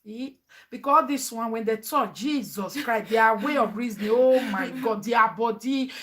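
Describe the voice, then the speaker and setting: A Nigerian-accented mother talks to her audience in a lively, chatty family vlog voice. Her tone is sharp and bright, sitting a little high, and she laughs often, slipping between English and pidgin. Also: a little slow.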